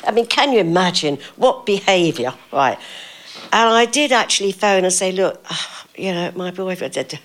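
A woman's voice: on the low side, sing-song, moderate pace, fairly bright tone. An older woman telling stories as an interview guest, chatty, laughing often and acting out what people said. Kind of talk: casual anecdotal storytelling.

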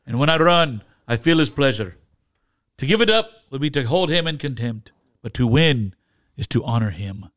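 A man's voice: medium pitch, animated, normal speed, a bit bright, natural voice. A man voicing an earnest young Scottish runner, speaking in a solemn Scottish accent. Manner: solemn, reverent recitation.

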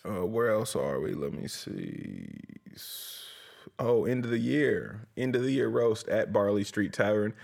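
A man's voice: lowish voice, very animated, measured pace, gravelly, darkish tone. A young man hosting a comedy podcast, rambling through profane, jokey plugs for his shows. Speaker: podcast host and comedy promoter. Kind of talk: casual comedic rant.

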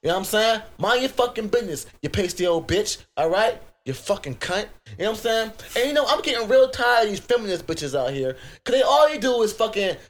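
A young American man with a Virginia accent, co-hosting a crude comedy podcast, telling stories in an animated, profane rant. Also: high-pitched, a little fast, few pauses. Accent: US Southern, Virginia. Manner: profane, animated storytelling with outbursts. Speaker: podcast co-host.

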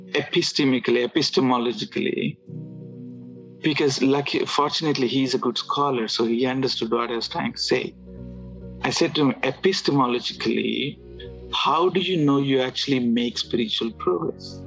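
A man's voice: mid-range voice, steady tone, fairly bright tone, soft background music. Man telling a story in lo-fi audio. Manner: halting, with restarts and filler words. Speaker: guest telling his conversion story. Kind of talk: casual storytelling.

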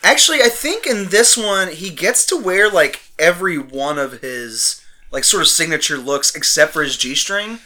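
Podcast co-host, male, bright tone, chatty and giggly. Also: on the high side, expressive, moderate pace. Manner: chatty, lots of "like", laughs often. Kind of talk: casual chat about movies.

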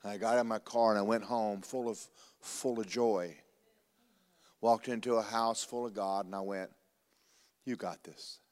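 Folksy preacher telling a story in a hall. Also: male voice, on the low side, normal speed. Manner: folksy, animated storytelling with repetition. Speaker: pastor. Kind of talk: sermon with storytelling.

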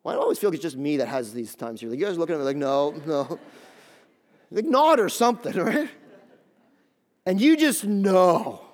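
A man preaching a sermon, animated and conversational, acting out scenes and talking straight to his listeners. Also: high voice, a little fast. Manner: animated, acts out scenes in quoted voices; conversational, talks straight to the audience. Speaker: pastor.

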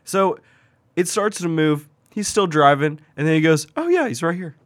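A man in casual podcast chat, retelling a video game match in a lively, profane way with lots of fillers. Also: on the high side, moderate pace, dry recording.

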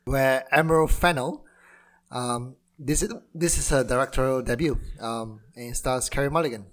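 A man's voice: mid-range voice, normal speed, a bit bright. Easygoing male podcast co-host. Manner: easygoing, laughs often. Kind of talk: casual film podcast chat.

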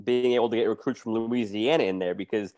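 Relaxed man co-hosting sports talk. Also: lowish voice, fast. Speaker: co-host.

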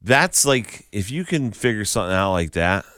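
A man with a low, smooth and resonant voice, co-hosting a morning radio show. He tells stories in easy banter and acts out the lines of the people in them. The sound is dry and close. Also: sing-song, moderate pace, fairly bright tone, no echo. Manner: storytelling, chatty, acts out quoted lines.

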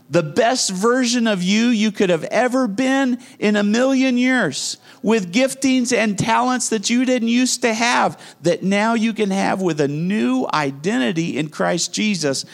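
A man preaching a sermon, earnest and emphatic, slowing down to stress key phrases and repeating them. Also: high-pitched. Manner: earnest preaching with dramatic slowdowns and emphatic repetition. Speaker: pastor.

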